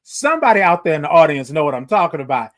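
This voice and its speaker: Lively high-voiced man hosting a livestream. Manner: greets commenters by name, drawn-out greetings, playful sing-song asides. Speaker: livestream host. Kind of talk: motivational livestream chat.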